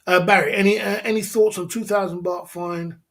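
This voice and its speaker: Male livestream host with a slightly high voice, loose rambling chat that circles back on itself and reads out names from the chat. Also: steady tone, a little fast, a bit bright. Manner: rambling, repeats himself, chuckles, addresses chat viewers by name.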